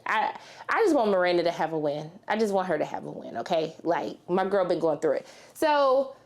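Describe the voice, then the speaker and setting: A woman's voice: fairly low pitch, sing-song, a little fast. A woman chatting animatedly as a TV reviewer, slangy and talking straight to her viewers. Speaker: TV show reviewer. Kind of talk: casual review chat with personal story.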